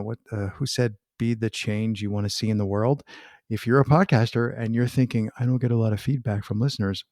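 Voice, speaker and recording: A chatty male podcast host in relaxed conversation, dropping into quick little voices when he quotes people. He sits at a medium pitch, and the recording is close and dry. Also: dry recording. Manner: chatty, animated, acts out quoted remarks. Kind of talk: casual conversational interview.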